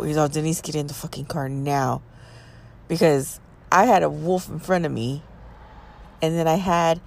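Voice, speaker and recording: A middle-aged woman with a low voice tells a story casually. She swears freely, talks with a lot of energy, and acts out the voices of the people in it. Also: slight background noise. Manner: animated, profane, acts out quoted voices. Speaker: podcast guest telling a paranormal story.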